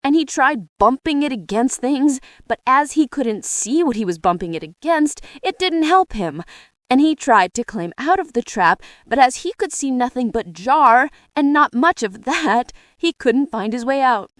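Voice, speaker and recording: A woman narrating a children's storybook in a lively, expressive way. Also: high-pitched, normal speed, no echo, studio quality. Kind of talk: storybook reading.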